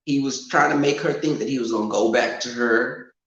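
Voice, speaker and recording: A man telling casual stories at home, animated and loud when he quotes people, in an echoing room. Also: a little fast. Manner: animated, swings loud and high when quoting. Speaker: storyteller. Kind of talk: casual storytelling. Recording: roomy home echo, muffled sound.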